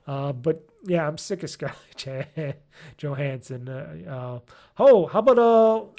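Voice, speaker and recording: A man's voice: a little high, lively intonation, takes it slowly, vocal fry, dark tone. A man hosting a gaming podcast alone, chatting casually and rambling with lots of ums and curse words as he searches for names. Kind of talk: casual solo podcast chat.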